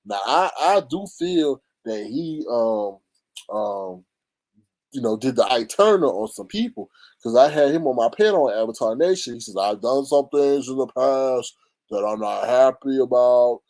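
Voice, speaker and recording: A man hosting a casual gossip commentary, animated and mocking, often jumping into high squeals. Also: moderate pace, no room sound. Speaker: YouTube commentary host.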